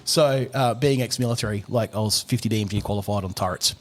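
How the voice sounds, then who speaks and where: A middle-aged man, a gunsmith telling a story on a podcast, animated, swearing and laughing often. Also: fairly low pitch, fast talker. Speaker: gunsmith guest.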